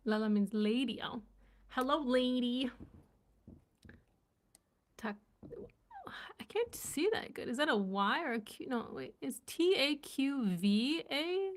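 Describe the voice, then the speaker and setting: A woman's voice: a little high, animated, unhurried. A woman language vlogger chatting casually as she reads and sounds out unfamiliar words, curious and laughing at herself. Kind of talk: casual live reading and chat.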